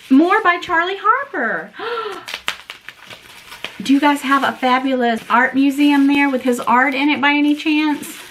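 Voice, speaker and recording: A woman's voice: high-pitched, a bit bright, slight background noise. A woman vlogger unboxing gifts in a casual chat, gushing and sentimental, often breaking into laughter. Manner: sentimental and emotional.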